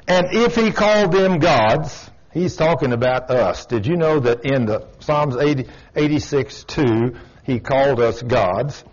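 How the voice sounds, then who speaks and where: A man preaching in a church, his voice sitting a little high for a man. He is folksy and emphatic, and he tells stories to his congregation. The recording of the service is dull and lo-fi. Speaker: pastor. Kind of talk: sermon.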